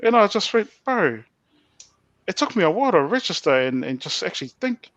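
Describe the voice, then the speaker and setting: A man telling a personal story as a podcast guest, animated, stumbling over restarts and swearing bluntly. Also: sits high, quick pace, dry recording. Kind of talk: personal storytelling in a casual interview. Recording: dull lo-fi, dry sound.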